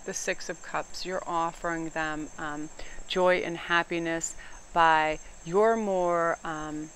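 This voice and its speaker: A middle-aged woman, giving a casual, animated tarot reading outdoors and sometimes getting loud and emphatic. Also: deep voice, slow pace, slight background noise. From New England. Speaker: tarot reader.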